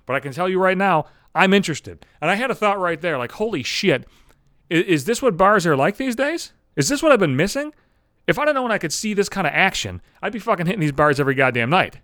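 A man with a fairly high voice rambles through a comic story on his podcast, swearing constantly and getting animated. The sound is dry and close to the mic. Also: clean tone, dry recording. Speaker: podcast host. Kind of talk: comedic storytelling monologue.

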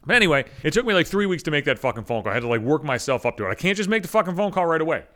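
Brief: man in his thirties, podcast host, angry profane monologue, high animated delivery. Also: rapid-fire. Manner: angry, swearing constantly, mocking impressions.

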